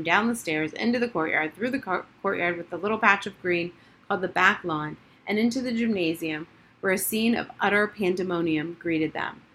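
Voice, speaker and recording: Woman audiobook narrator, expressive children's storybook read. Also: on the low side, a little hiss or hum. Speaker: audiobook reader.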